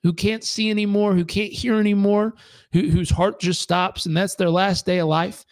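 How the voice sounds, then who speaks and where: A man's voice: high-pitched, fairly even intonation, normal speed, voice pushed up. A man voicing a blunt, folksy old homeless man who lectures in a plain-spoken way. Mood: urging.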